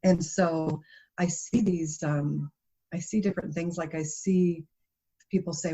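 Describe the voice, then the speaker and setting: A woman's voice: low voice, measured pace, gravelly, breathy edge. A woman guest in a conversational interview, telling stories with animation and frequent laughter. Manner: animated storytelling, laughs often. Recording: dull lo-fi interview audio.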